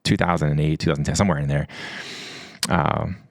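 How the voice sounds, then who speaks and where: A man's voice: extremely low pitch, fairly even intonation, fairly quick, vocal fry, dry recording. A middle-aged man from the US East Coast telling stories in a casual chat, rambling with many restarts and quoted dialogue. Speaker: podcast guest. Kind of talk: casual storytelling.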